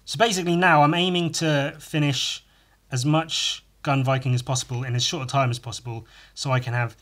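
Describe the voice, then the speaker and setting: A man's voice: mid-range voice, fairly even intonation, fairly quick, fairly bright tone. A man hosting a solo podcast while he draws, rambling with profane, self-mocking humor and many asides. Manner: meandering, with many restarts and asides. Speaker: podcast host.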